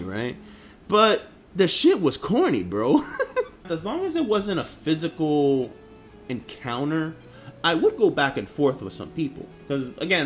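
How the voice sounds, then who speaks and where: A young man who grew up in Harlem, telling personal stories in a blunt, profane, slangy vlog manner. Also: mid-range voice. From Harlem, New York. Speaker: vlogger. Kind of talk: casual storytelling vlog.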